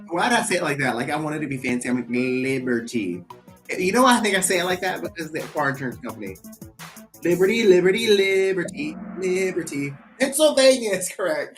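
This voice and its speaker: A man's voice: a little high, a bit bright. A man hosting a live trivia game, playful and rambling, teasing himself in asides between questions.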